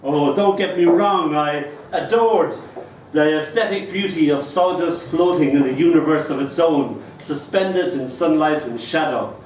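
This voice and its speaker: An older Irish man performs his poems live, and between verses he slips into playful, teasing banter. His voice sits a touch high for a man. He is caught from some way off the mic, in a very echoey room with faint noise behind him. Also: distant mic. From Ireland. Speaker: poet. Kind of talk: live poetry reading.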